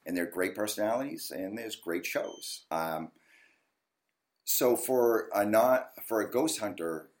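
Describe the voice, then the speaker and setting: A man, a ghost hunter guest telling stories in a casual interview, animated and lively. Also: on the low side, unhurried. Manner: animated storyteller, acts out yelling at the TV.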